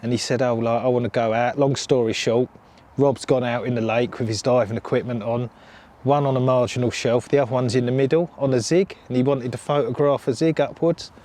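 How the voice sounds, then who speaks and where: A man's voice: medium pitch, steady tone, brisk, darkish tone. Man, casual storytelling, spooky fishing anecdote, quotes people in their own voices. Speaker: carp angler telling a story. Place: outdoors by a lake.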